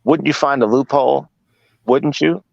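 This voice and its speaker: A man's voice: medium pitch, fairly even intonation, moderate pace, creaky, dry recording, dull audio. A man from Washington, D.C. giving a casual lecture, firing rhetorical questions at his listeners, blunt and profane. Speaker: guest speaker.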